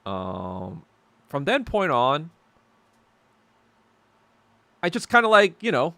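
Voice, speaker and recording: Male podcast host from New York with a gravelly, tense voice, rants in a sarcastic, profane way, casual chat. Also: on the high side, wildly swooping pitch, unhurried, bright, forceful tone, no echo. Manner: rambling, profane, sarcastic ranting. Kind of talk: casual livestream chat reading viewer comments.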